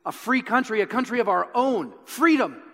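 A man's voice: fairly high pitch, normal speed, fairly bright tone, in a large hall, lightly acted. A man voicing a defiant medieval warrior leader who rallies nobles, in a sermon retelling. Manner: bold, rallying, impassioned.

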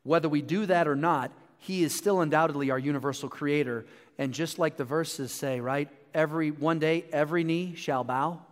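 A man's voice: fairly high pitch, normal speed. A man in his forties preaching a sermon as a pastor, telling family stories with animation. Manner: storytelling, animated when telling anecdotes. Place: church sanctuary. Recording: long hall reverb.

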